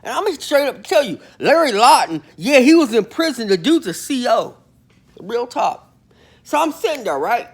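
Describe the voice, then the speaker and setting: A man's voice: very high-pitched, big pitch swings, normal speed, slightly rough. Slangy man spinning a boastful yarn. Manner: boastful, slangy, acts out the people he quotes. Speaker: channel host telling prison stories. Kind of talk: rambling comic storytelling.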